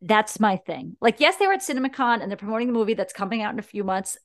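A woman's voice: medium pitch, expressive, quick pace, a bit bright. A young woman co-hosting a podcast in casual chat, fillng her talk with "like" as she explains and defends her view. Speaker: podcast co-host.

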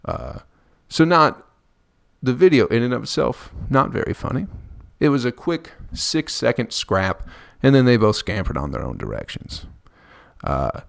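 A man's voice: mid-range voice, sing-song, a little slow, vocal fry, dry recording, studio quality. A man hosting a podcast, rambling through a profane comedic monologue and laughing at his own jokes. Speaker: podcast host.

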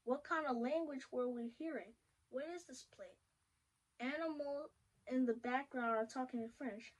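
A woman's voice: high-pitched, normal speed, low-quality recording. A woman hosting a podcast, reading a children's picture book aloud and giving the characters small voice changes. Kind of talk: storybook read-aloud.

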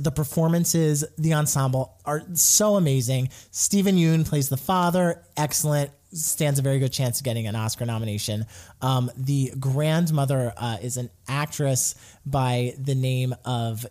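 A man in casual chat on a podcast, reviewing a film with excited, gushing enthusiasm. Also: medium pitch. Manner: gushing, excitable, lots of "like" fillers. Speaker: podcast co-host reviewing films.

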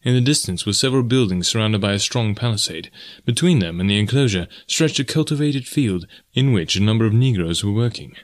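Guy reading an old adventure novel aloud, lowish voice, steady. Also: brisk. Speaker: audiobook narrator. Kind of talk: scripted narration.

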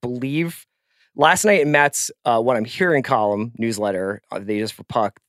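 Male podcast co-host, average pitch, loose joking delivery, dry studio sound. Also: normal speed, no room sound. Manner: relaxed, joking, with many fillers. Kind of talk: casual podcast chat.

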